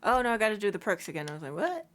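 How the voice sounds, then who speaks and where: A woman's voice: medium pitch, animated, rapid-fire, a bit bright. A woman streaming a video game, chatting to herself and her pets, squealing and swearing as she plays. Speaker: let's play streamer. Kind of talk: casual gaming commentary.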